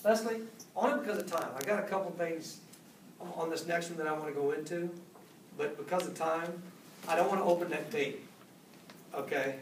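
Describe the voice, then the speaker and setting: A man speaks at a motivational seminar in a fairly high voice, acting out little quotes with big jumps in pitch. He sounds far from the mic in an echoey room. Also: normal speed, long pauses, a little hiss or hum.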